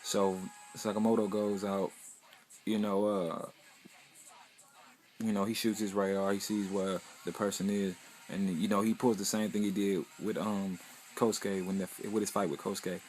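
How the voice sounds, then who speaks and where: A man's voice: on the low side, flat delivery, normal speed, a little mellow, slight background noise. A young man casually recapping an anime episode in a loose, rambling, profane way, full of "you know" fillers.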